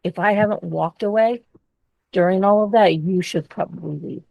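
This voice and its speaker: Podcast co-host, woman, lower voice, frank and expressive, dry studio sound. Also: normal speed, creaky, dry recording, narrow, tinny audio. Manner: candid and expressive, swears freely. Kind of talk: casual chat.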